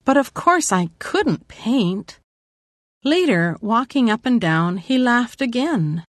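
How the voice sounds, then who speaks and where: Slow, reflective woman narrator. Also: on the high side, big pitch swings, no echo, studio quality. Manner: measured, reflective. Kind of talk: audiobook memoir narration.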